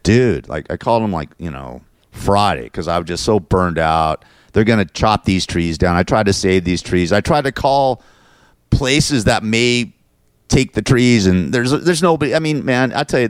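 A man's voice: low voice, clean tone, no room sound, studio quality. A man hosting his own show, venting in a rambling, repetitive, frustrated monologue. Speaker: show host.

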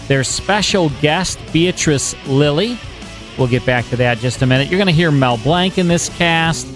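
A man hosting a show, chatting casually between clips with easy fillers. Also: mid-range voice. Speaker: host. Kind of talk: casual commentary.

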